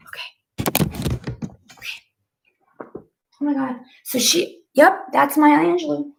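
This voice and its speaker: A woman working as a psychic medium, channeling on a live stream from her living room, who sounds flustered and often drops into hushed whispered asides. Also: high-pitched, expressive, measured pace, vocal fry, long pauses.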